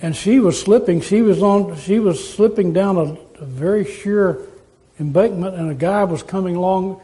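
A male pastor delivers a sermon in a high, warm voice. He talks in a relaxed, conversational way, leaning on rhetorical questions and homespun stories to reach his listeners. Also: normal speed, rough recording.

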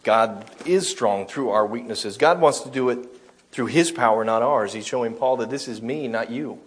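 Male preacher, husky voice, reads scripture then explains it in plain sermon talk. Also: medium pitch, moderate pace. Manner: reads scripture aloud, then explains it, with small self-corrections.

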